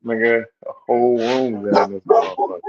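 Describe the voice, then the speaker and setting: A man's voice: mid-range voice, fairly even intonation, fast talker, a little mellow, highs cut off. A man co-hosting a casual podcast over a video call, teasing and laughing, swearing a lot. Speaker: podcast co-host.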